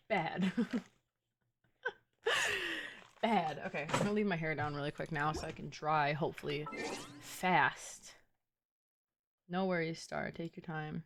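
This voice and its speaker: A woman's voice: fairly low pitch, brisk, long pauses, fairly bright tone, a little hiss or hum. Chatty playful young woman streamer. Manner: chatty and playful, teasing her chat, frequent "like". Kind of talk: casual live-stream chat.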